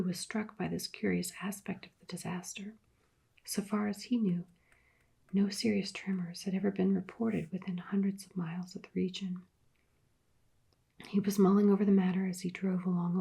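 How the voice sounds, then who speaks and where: A woman narrating an adventure book in a soft-spoken ASMR reading, hushed and partly whispered. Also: lowish voice, level tone, moderate pace, gravelly, husky.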